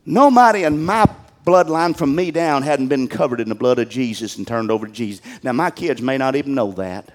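An older man, a pastor, preaching a sermon in a plain-spoken folksy way, swinging between loud outbursts and quiet, low passages.

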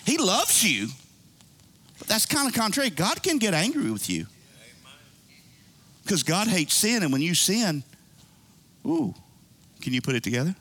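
A man preaching a sermon, reading scripture and retelling it with animated asides and character voices. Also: sits high, measured pace, long pauses, breathy edge. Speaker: pastor.

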